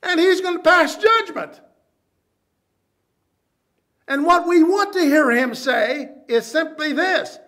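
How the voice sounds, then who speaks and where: A man preaching a sermon, swinging between loud emphatic bursts and quiet asides, using Hebrew names for biblical terms. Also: very high voice, slow, pauses often.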